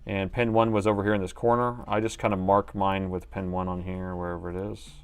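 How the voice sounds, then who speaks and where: A man's voice: low-pitched, little pitch movement, brisk, clear, resonant tone. A man hosting a live stream, chatting casually and explaining each step of a repair while joking with viewers. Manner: chatty, explains steps while working, jokes with chat. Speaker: livestream repair host.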